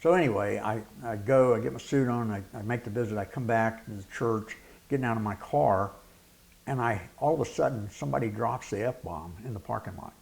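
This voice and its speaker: Gravelly preacher spinning a yarn. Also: male voice, medium pitch, fairly quick. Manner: animated anecdote with acted-out quotes and laughter. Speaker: guest, preacher and former wrestler. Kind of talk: storytelling in an interview.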